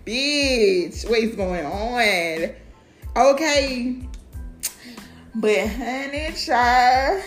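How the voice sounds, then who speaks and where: A woman giving a blunt, profane, outspoken monologue as a vlogger. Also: fairly high pitch. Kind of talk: candid monologue. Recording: echoey room.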